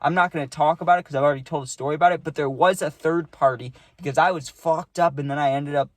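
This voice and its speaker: A young man telling a rambling, animated story in casual vlog style, full of likes and rights. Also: on the high side, fast, dry recording. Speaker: storytime vlogger.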